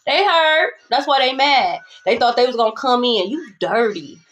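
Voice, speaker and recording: A woman's voice: on the high side, expressive, moderate pace, fairly bright tone. A young adult woman giving a casual tarot reading monologue, blunt, profane and sassy, repeating phrases for emphasis. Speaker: tarot reader.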